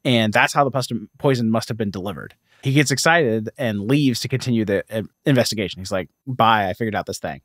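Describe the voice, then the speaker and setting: Animated man retelling a pulp story. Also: lowish voice, dry recording, studio quality. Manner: animated retelling with quick quoted voices. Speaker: podcast co-host. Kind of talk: casual podcast chat, retelling a story.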